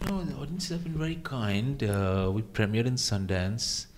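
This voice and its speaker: A man from Mumbai, a film director answering interview questions in a measured way. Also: medium pitch. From India, Mumbai. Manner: measured, with frequent fillers and restarts.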